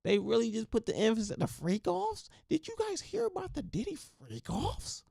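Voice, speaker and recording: Man putting on a high gossiping voice, exaggerated drawn-out emphasis, mocking, dry close sound. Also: expressive, gravelly, darkish tone, no room sound, full character voice. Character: shrill gossiping man, scandal-hungry.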